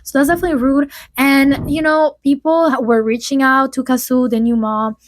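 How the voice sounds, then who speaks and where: Chatty higher-voiced young woman vlogger. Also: little pitch movement, moderate pace, dry recording. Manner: chatty, rambling, heavy use of "like". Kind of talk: casual gossip chat to camera.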